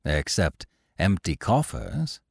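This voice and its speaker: A man voicing a gloomy male spirit who urges suicide, speaking low, hushed and sulky. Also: very animated, dry recording, clean studio sound, exaggerated voice. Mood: grim. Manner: sulky, sinister, drawn-out.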